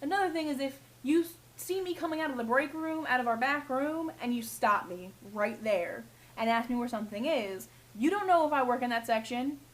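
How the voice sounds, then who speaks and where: A high-voiced young woman who works retail rants briskly, with lively intonation and few pauses, over a rough recording. She swears casually about customers in this vlog and often mimics them.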